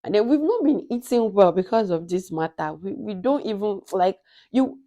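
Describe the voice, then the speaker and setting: A young Nigerian woman vlogger with a Nigerian accent, telling a personal story in a casual, animated way and acting out the dialogue. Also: medium pitch, moderate pace. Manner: animated, acts out quoted dialogue.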